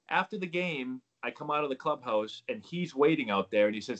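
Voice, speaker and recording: A man's voice: medium pitch, a little fast, few pauses, dull audio. A man in his thirties, a former pro ballplayer, telling stories casually and acting out the dialogue. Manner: animated storyteller acting out quoted dialogue. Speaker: guest, former pro baseball player. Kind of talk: casual storytelling interview.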